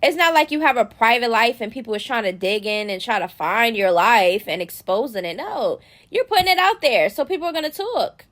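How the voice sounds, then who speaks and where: A woman's voice: fairly high pitch, expressive, brisk, few pauses, a bit bright. Sassy woman dishing blunt gossip. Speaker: gossip channel host. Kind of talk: casual celebrity gossip commentary.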